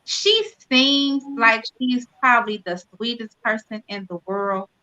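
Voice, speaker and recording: Slow, bright-toned joking woman. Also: a little high, highs cut off. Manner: blunt, joking, laughs a lot. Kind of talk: casual group chat.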